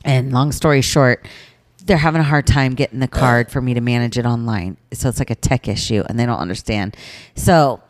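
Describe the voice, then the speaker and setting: A woman's voice: a bass voice, fairly quick. A middle-aged woman co-hosting a casual podcast, telling a story with lots of swearing. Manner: profane, animated storytelling. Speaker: podcast co-host. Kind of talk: casual chat.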